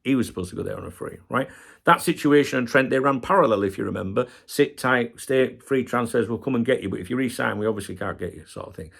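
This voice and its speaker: A man's voice: mid-range voice, fast, creaky, fairly bright tone, breathy edge. A middle-aged man hosting a football channel, ranting passionately and swearing heavily in a casual video.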